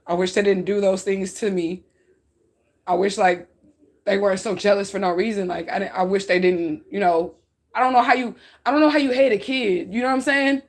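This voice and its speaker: A woman's voice: mid-range voice, steady tone, a little fast. A woman telling her followers an emotional personal story, raw and outspoken, cursing freely, crying as she talks. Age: adult. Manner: raw, outspoken, profane, tearful at times. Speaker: spiritual reader talking to her followers.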